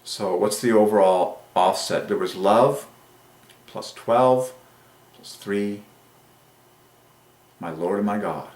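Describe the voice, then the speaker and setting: A man hosting his own religious channel, talking alone with great excitement and stretching out key phrases slowly for emphasis. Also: fairly low pitch. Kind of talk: excited solo monologue on word numerology. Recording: roomy echo.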